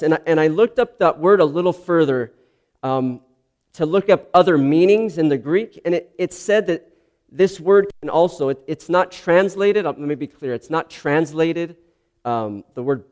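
A man's voice: a little high, darkish tone. A man preaching a sermon, earnest and explanatory, often restarting his sentences. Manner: slow, earnest, with frequent restarts and ums.

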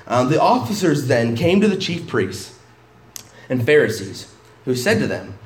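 A man's voice: mid-range voice, big pitch swings, a little slow, reverberant. A male pastor preaching a sermon in an emphatic, conversational way, often breaking off and restarting his sentences.

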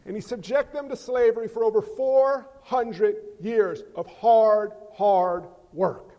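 A man's voice: high voice, slow, warm tone, highs cut off. A man preaching a sermon as pastor, joking and quizzing his congregation. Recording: long reverb of a large hall.

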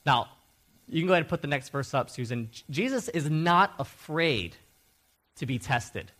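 A man preaching a sermon as a Bible teacher, emphatic and animated, repeating key words and often checking in with "okay?". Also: on the high side, moderate pace.

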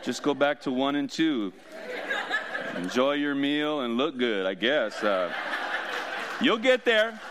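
A man's voice: mid-range voice, a little slow, a crowd in the background, background noise. A man preaching a sermon as pastor, in a casual, joking way with frequent laughs.

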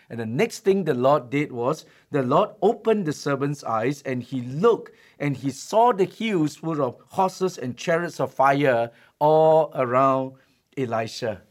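A man preaching a sermon as pastor, telling stories and slowing down to stress his key points. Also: mid-range voice. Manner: storytelling preacher, emphatic, slows for key lines.

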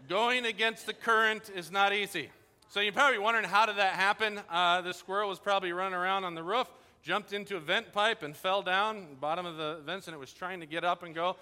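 A man preaching a sermon in a casual, animated way, telling stories and acting out quoted dialogue. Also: high-pitched, brisk, clean tone. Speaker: pastor. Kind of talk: sermon with storytelling. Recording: long hall reverb.

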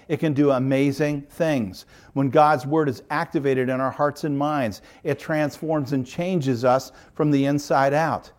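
A middle-aged man, a pastor, preaching a sermon in an earnest, emphatic way, stacking up repeated parallel phrases. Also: medium pitch.

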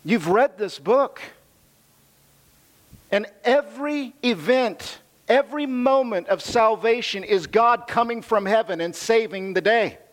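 A man's voice: high-pitched, unhurried. A man preaching a sermon. He reads scripture and explains it in a conversational way, repeating phrases for emphasis. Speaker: pastor.

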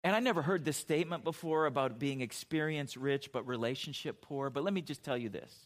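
A man's voice: medium pitch, fairly quick. A middle-aged man preaching a sermon as a pastor, telling stories in an easy, conversational way, with frequent restarts and asides.

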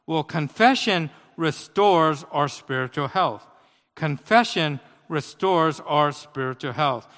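A man preaching a sermon, telling a personal story with big swings between loud outbursts and quiet asides. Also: on the high side, animated, slow, long reverb tail.

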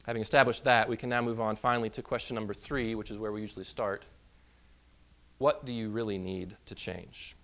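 A man's voice: fairly low pitch, steady tone, a little fast, vocal fry, fairly bright tone, lo-fi sound. A man preaching a sermon in a conversational way, now and then acting out the voices of the people he describes. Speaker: pastor.

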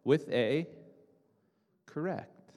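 A man's voice: fairly high pitch, extremely slow, a little mellow. A young man preaching a sermon to a congregation, talking casually with restarts and asides. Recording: reverberant hall.

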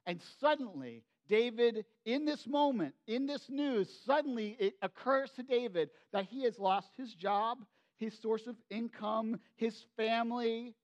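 Male pastor, conversational sermon delivery, animated storyteller. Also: very high-pitched, a little slow, hardly any pauses. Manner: animated storytelling with many asides.

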